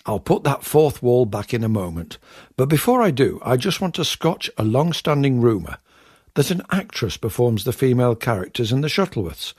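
A man hosting a comic radio show, speaking in a wry, confiding and self-mocking monologue with a raspy voice. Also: medium pitch, very animated, normal speed, a little mellow, no room sound, clean studio sound. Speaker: comedian and radio show host. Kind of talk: scripted comic monologue to audience.

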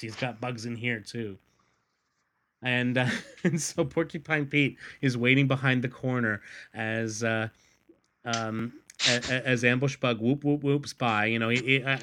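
Guy retelling a comic on a podcast, playful, does little voices for the characters, laughs a lot. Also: medium pitch. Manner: animated, reads characters' lines in put-on voices, laughs often. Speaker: podcast host. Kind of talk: casual chat retelling a comic.

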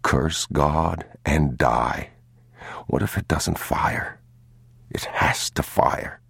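A man voicing an exhausted, protective father in a storybook, in whispered role-play, urgent and very slow. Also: extremely low pitch, vocal fry, a bit bright, husky, no echo, studio quality, full character voice.

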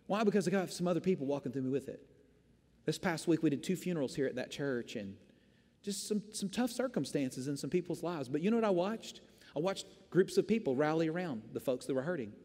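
A male pastor telling a story from the pulpit with self-deprecating humor. His voice sits fairly high and he often restarts and repeats words. Long reverb from the church hall trails behind him. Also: darkish tone. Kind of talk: storytelling sermon.

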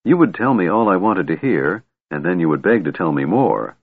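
Man doing a seductive woman warlord, wry, menacing, low voice, thin narrow sound. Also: lively intonation, normal speed, husky, no room sound, heavily acted. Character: cunning commanding female warlord, seductive.

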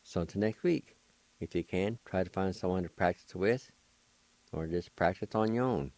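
A man hosting a language lesson, patiently spelling and pronouncing each word slowly and more than once, and encouraging his listeners. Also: deep voice, darkish tone, no echo. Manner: slow, deliberate spelling and repeated pronunciation. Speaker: language teacher and host.

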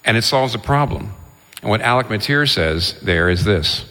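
A man preaching a sermon, telling Bible stories in an animated way and acting out the characters' exchanges. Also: fairly low pitch, normal speed. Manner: animated storytelling, voices the biblical figures. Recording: long reverb of a large hall.

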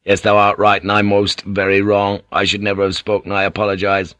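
A man playing a weary English sea captain with a low, grounded voice. He talks earnestly and plainly, close to the mic in a dry studio read. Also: monotone, fairly quick, bright, forceful tone, no room sound. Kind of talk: audiobook character reading.

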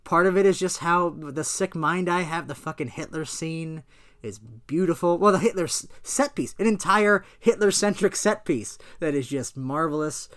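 A woman co-hosting a podcast, arguing about movies in a lively, emphatic way and swearing freely. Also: low-pitched, normal speed. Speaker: podcast co-host. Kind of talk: casual movie banter.

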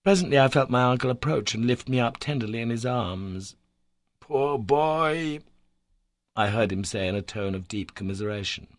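A man narrating a classic adventure novel in a measured, expressive reading voice. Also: fairly low pitch, no echo, studio quality. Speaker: audiobook narrator. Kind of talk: scripted narration.

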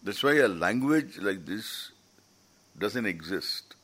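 A man's voice: on the low side, expressive, slow, a bit bright, breathy edge. A man giving an informal, rambling lecture as a teacher at a scripture camp, often restarting his sentences. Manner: rambling, explanatory, with frequent restarts.

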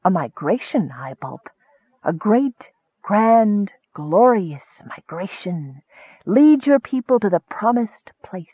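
A man voicing a soft, seductive dream voice that whispers and purrs slowly, recorded narrow and dry. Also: high-pitched, very animated, slightly rough, no room sound, heavily acted. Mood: coaxing whisper. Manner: slow purring whisper.

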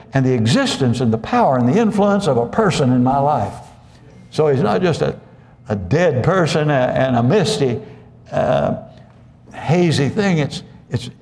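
A man's voice: medium pitch, gravelly, a little mellow, in a large hall. A man preaching a conversational sermon as pastor, with many restarts and asides to the congregation.

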